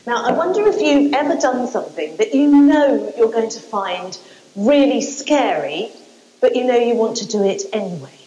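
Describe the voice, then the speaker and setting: A woman canon, a little out of breath, gently telling a story to schoolchildren outdoors on a rooftop. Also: a little high, sing-song, moderate pace, muffled recording, slight background noise. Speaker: cathedral canon. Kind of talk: talk to schoolchildren. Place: cathedral roof, outdoors.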